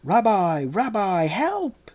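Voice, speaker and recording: A man's voice: medium pitch, very animated, measured pace. A man voicing an impulsive, proud fisherman in an audiobook reading. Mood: desperate. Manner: eager, then desperate shouts.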